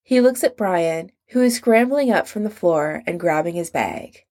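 A woman narrating a story in a measured storytelling manner. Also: lowish voice, animated, a little mellow. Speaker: audiobook narrator. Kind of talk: scripted narration.

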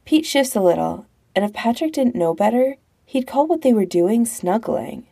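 A woman narrating a romance story as an audiobook in a calm, measured way. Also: a little high, gravelly, slightly rough.

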